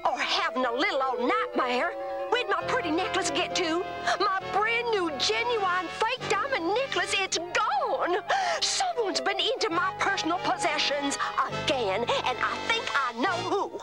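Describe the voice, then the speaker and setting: A woman's voice: very high voice, lively intonation, measured pace. A woman voicing a prim, genteel female cartoon dog with a drawl. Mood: indignant. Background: music.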